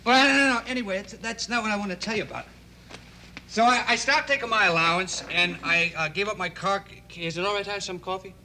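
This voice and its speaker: A young actor playing an earnest, idealistic teenage boy in a 1960s TV drama. He talks in a halting, rambling way full of restarts. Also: sits high, steady tone, bright, forceful tone, a little hiss or hum.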